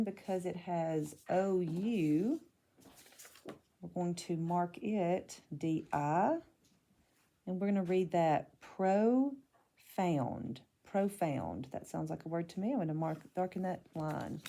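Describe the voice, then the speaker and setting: Slow, mellow woman teaching phonics. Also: lowish voice. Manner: calm, methodical, narrating each step. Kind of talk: step-by-step phonics lesson.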